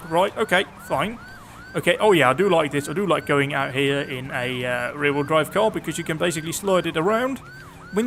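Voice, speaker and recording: Guy, gameplay commentary, sarcastic, fairly high voice, faint background hiss. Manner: chatty, sarcastic, excitable outbursts. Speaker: gaming YouTuber.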